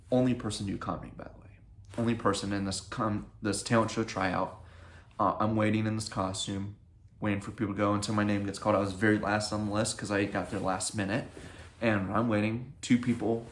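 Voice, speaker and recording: A young man telling a rambling, excitable story about his own life in a casual vlog. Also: lowish voice. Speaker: comedy video creator. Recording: echoey room.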